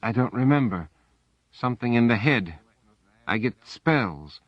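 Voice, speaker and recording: A man's voice: medium pitch, animated, measured pace, dry recording. A man voicing a calculating woman prisoner and informer who is dizzy and in pain, with gasping, strained words. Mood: guarded. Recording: dull, dry audiobook recording.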